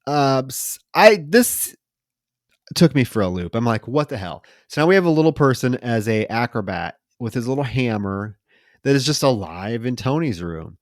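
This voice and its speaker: A man's voice: medium pitch, expressive, moderate pace, no room sound, studio quality. A man co-hosting a podcast, retelling a film's plot casually with mocking, profane asides. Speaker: podcast co-host.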